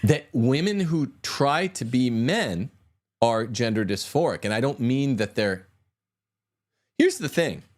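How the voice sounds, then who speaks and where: A man's voice: medium pitch, expressive, measured pace. A man hosting a podcast, talking in an emphatic, combative way with sweeping asides. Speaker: podcast host. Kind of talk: opinionated podcast talk.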